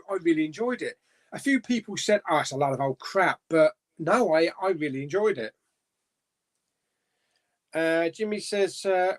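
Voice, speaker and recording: A man hosting a casual live chat, reading out viewer comments in an easygoing, chatty way with frequent little laughs. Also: on the high side. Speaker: host of a live chat stream.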